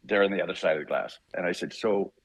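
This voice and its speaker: An older man from Canada, a voice actor guest, telling animated anecdotes in a casual interview, acting out voices and laughing often. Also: low-pitched, very fast, slightly rough, no echo.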